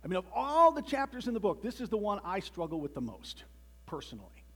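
A man's voice: high voice, huge pitch swings, fairly quick, fairly bright tone, slightly rough. A man giving a conversational sermon with joking asides and frequent restarts, reading a children's story aloud as part of it.

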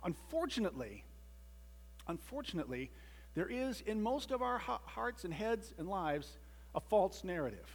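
A man's voice: sits high, sing-song, moderate pace, breathy edge. A man giving a conversational sermon with joking asides and frequent restarts, reading a children's story aloud as part of it.

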